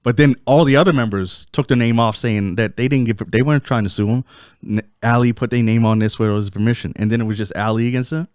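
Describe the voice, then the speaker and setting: A man's voice: medium pitch, fast talker, a little mellow, clear, resonant tone, no room sound. Man co-hosting a podcast, dry sound. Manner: laughs often, brings up news stories. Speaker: podcast co-host. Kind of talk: casual podcast chat.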